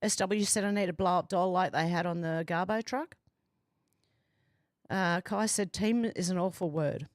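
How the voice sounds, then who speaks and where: This Australian livestream host has a lowish voice and a moderate pace, reading her viewers' comments aloud in a playful, chatty tone from home with doors and windows open. The recording has no echo and clean studio sound.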